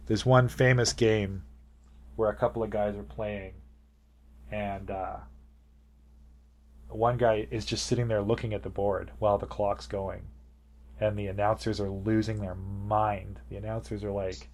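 Male podcast co-host, casual rambling chat, low voice. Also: level tone, a little slow, long pauses, a little mellow. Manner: rambling, laughs often, retells scenes animatedly.

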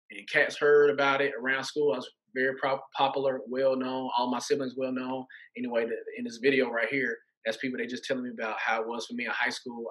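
A man, an interview guest giving a casual faith testimony as an animated storyteller who acts out voices and laughs often. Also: mid-range voice, rough recording. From Atlanta, USA.

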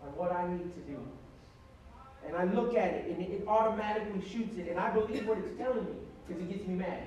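A man preaching a sermon as pastor, animated and emphatic, with the congregation answering him. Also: sits high, lo-fi sound, a little hiss or hum. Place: large echoey church hall. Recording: echoey church hall, distant mic.

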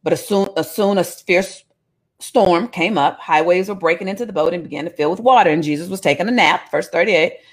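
Animated woman preaching a sermon. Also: on the low side, fairly quick. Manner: animated storytelling, jokes and voices, casual asides. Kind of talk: sermon, reading scripture with commentary.

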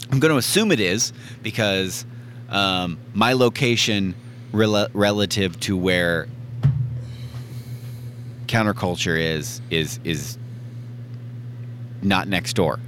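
Male podcast co-host with a low voice; drawls very slowly, rambles with ums and swears, over a faint hum. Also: a bit bright. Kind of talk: casual chat.

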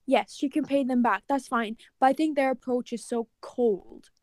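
A woman's voice: high-pitched, moderate pace, darkish tone, no echo. A woman in her twenties, co-hosting a podcast in casual chat, talking emphatically and with empathy. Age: 20s. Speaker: podcast co-host.

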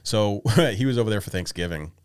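A man co-hosting a casual podcast, telling animated anecdotes and laughing often. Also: fairly low pitch, a little fast, smooth, no room sound, studio quality. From United States. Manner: storytelling, laughs a lot, imitates voices. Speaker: podcast co-host. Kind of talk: casual chat.

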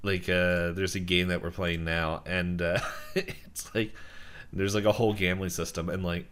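A man's voice: sits low, level tone, moderate pace, a bit bright, smooth. A man co-hosting a podcast, chatting casually, rambling through thoughts with lots of fillers and laughing mid-sentence. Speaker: podcast co-host. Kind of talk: casual chat.

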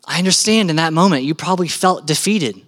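A young man preaching a sermon in an animated, joking style, laughing often. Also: a little high, fast talker. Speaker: pastor. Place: church stage.

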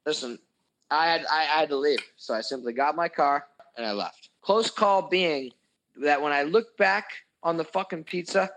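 A man's voice: on the high side, slight background noise, rough recording. Crude young man telling a story. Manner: animated, crude, swears a lot, voices his own anger. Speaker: podcast host telling a story. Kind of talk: casual profane storytelling.

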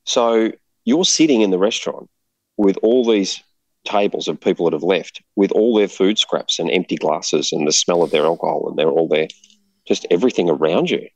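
A man casually telling a rambling, animated travel story, laughing often. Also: low voice, moderate pace, breathy edge, dry recording, low-quality recording.

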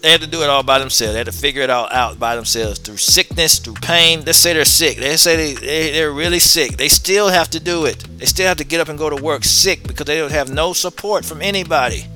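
A man's voice: on the high side, sharp tone. A man hosting his own show, giving a blunt, casual opinion monologue to his viewers and hammering his points home with repetition. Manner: casual and blunt, drops in slang.

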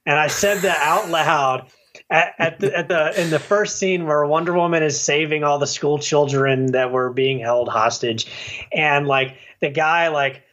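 A man co-hosting a podcast, chatting casually about a film and acting out scenes in quick put-on voices. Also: a little high. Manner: animated, acts out scenes with quick voice changes. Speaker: podcast co-host. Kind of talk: casual movie review chat.

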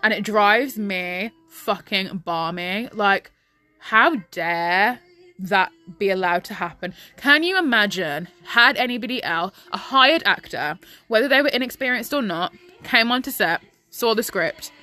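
A woman's voice: medium pitch, lively intonation, a little slow, pushed and bright, faint music behind. A young woman, bluntly ranting in a casual opinion chat as a vlogger.

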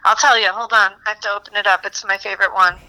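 A woman's voice: medium pitch, steady tone, fast talker, sharp tone, low-quality recording. A woman co-hosting a podcast in casual, chatty talk that is often giggly.

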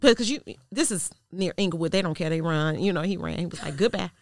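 A woman guest sharing a personal testimony in an interview, telling it in an earnest, measured way that goes quiet at the tense parts. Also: lowish voice, expressive, no room sound. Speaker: podcast guest.

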